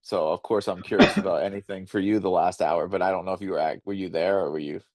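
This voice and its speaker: A man hosting a casual group video call, animated and swearing, with many restarts. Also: deep voice, quick pace, no room sound. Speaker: seminar host.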